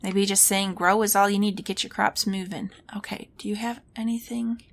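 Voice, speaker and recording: A woman's voice: medium pitch, fairly even intonation, fairly quick, gravelly. A woman playing a game and thinking aloud, musing and asking herself questions as she goes. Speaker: let's play gamer. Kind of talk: casual game commentary.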